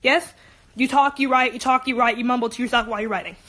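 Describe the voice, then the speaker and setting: Animated high-voiced teen girl. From Los Angeles. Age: teens. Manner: animated, rapid, many restarts. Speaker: high school student. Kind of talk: emotional personal rant.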